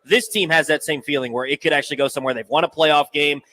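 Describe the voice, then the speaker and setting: A young man co-hosting sports talk radio, giving thoughtful, measured takes. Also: fairly high pitch, bright, forceful tone. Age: young adult. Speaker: radio co-host.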